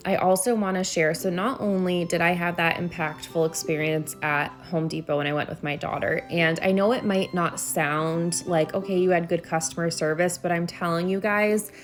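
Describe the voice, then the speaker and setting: A woman recording a casual voiceover at home, talking earnestly and rambling with frequent restarts. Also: lowish voice. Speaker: vlogger.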